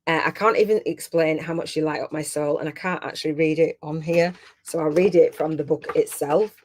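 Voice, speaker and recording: Low-voiced heartfelt woman coach. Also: steady tone, a little fast, a little mellow, a little hiss or hum. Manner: heartfelt and chatty, close to tears. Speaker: host and business coach. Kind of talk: live online masterclass.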